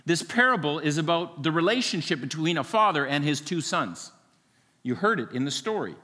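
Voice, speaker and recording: A man's voice: fairly high pitch, lively intonation, moderate pace, sharp tone. Pastor guy giving a sermon, lighter voice, lots of uhs, echoey church. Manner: friendly, joking then earnest, filler-heavy. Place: church sanctuary. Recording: long reverb of a large hall.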